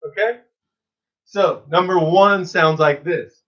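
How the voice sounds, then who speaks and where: A man's voice: high-pitched, slow, muffled recording, faint music behind. A man teaching an online drum lesson, chatting casually and counting students through the exercises. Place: drum studio. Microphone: phone camera.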